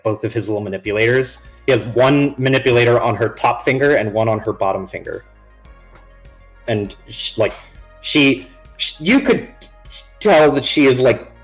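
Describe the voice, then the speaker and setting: A man narrating a tabletop game as game master on a live stream, in a loose and rambling way with many restarts. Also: medium pitch.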